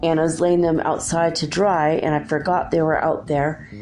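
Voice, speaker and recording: A woman's voice: sits low, little pitch movement, moderate pace, a little mellow, soft background music. A middle-aged woman hosting a spiritual talk show, telling a long story in a chatty, casual way, acting out what others said and laughing often. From California. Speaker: podcast host.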